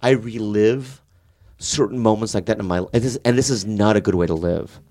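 A man's voice: fairly low pitch, fairly quick, a little mellow. A male comedian telling stories in casual podcast chat, stammering through restarts in a studio. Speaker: comedian guest.

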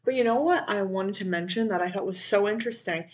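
A young woman co-hosting a podcast, telling stories in a casual, animated way, swearing and laughing often. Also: mid-range voice, fast talker. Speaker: podcast co-host. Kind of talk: casual chat.

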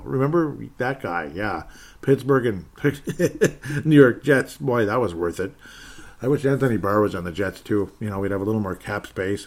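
A man hosting a solo football podcast, recapping the week's games in a sarcastic, rambling way, with sighs and chuckles. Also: lowish voice. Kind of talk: casual solo sports recap.

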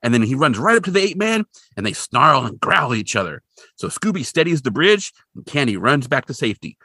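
A man co-hosting a podcast in casual chat, retelling a cartoon episode in an animated way and jumping into voices for the characters. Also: a little fast, no room sound, studio quality. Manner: animated storyteller, jumps into high voices for quoted characters.

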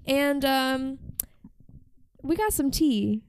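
A woman's voice: high-pitched, animated, slow, a little mellow. A woman hosting a podcast, telling a story in casual chat with lots of "like" fillers. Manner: chatty, frequent "like" fillers. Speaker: podcast host.

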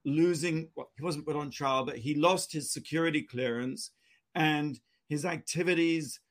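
A man hosting a radio talk show, chatty and quick to laugh, sometimes rambling through his thoughts. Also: a little high. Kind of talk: casual talk radio chat.

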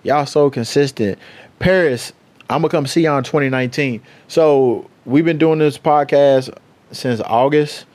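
A young man hosting his own podcast, chatting casually in a loose, profane, rambling way as he gives shout-outs. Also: medium pitch, unhurried. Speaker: podcast host. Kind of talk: casual solo podcast chat.

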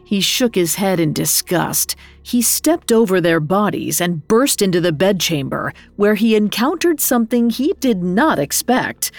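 Slow, gravelly woman narrating a story. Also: mid-range voice, dry recording.

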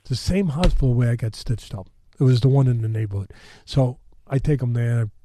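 A man's voice: medium pitch, brisk, mellow, a little hiss or hum. A man telling a story in a loose, rambling way, full of fillers and restarts, with blunt street-tough talk. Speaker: storytelling guest. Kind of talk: casual spoken storytelling.

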